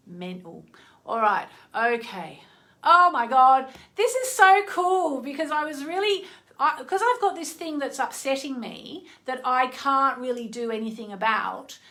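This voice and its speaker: Brief: middle-aged woman host, unhurried, higher-pitched, effusive, easily sidetracked live-stream chat. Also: pushed and bright. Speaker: astrologer hosting a live stream. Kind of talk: casual live-stream chat, reading oracle cards.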